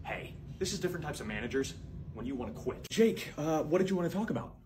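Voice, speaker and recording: A man's voice: a little high, expressive, quick pace, a little mellow, slight background noise, lightly acted. A man playing several kinds of male managers in a comedy sketch, curt and businesslike. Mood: blunt. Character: blunt arrogant male boss.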